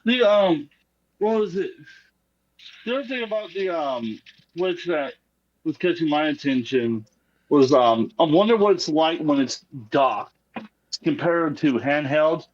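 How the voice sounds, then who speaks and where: A man's voice: a little high, animated, measured pace, pauses often, lo-fi sound. A man calling into a live stream, talking casually and hesitantly with many ums. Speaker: caller. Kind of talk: casual call-in chat.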